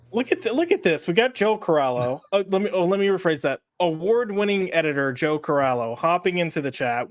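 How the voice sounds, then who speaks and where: A man's voice: on the high side, no echo, studio quality. A man hosting a casual podcast chat, teasing his co-hosts and laughing often. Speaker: podcast host.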